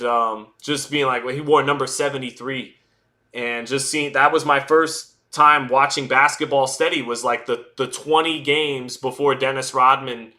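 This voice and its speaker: A man's voice: medium pitch, pushed and bright. A man in his thirties hosting a livestream, rambling through nostalgic stories to his chat with many restarts. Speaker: livestream host. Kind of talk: casual storytelling to a live chat.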